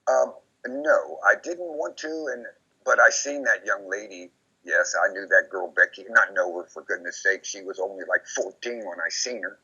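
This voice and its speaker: Gravelly, raspy man, lowish voice, bright edge, rambling interview guest on a dull lo-fi track. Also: moderate pace. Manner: rambling, repeats himself, quotes others in lively voices. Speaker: interview guest recounting memories. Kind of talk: casual recorded conversation. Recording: dull lo-fi recording.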